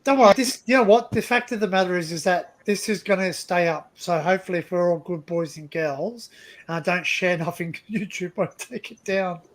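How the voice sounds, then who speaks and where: An Australian man hosting a live stream over a video call, chatty and quick to laugh, often repeating himself. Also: high-pitched, poor audio. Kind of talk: casual live stream chat.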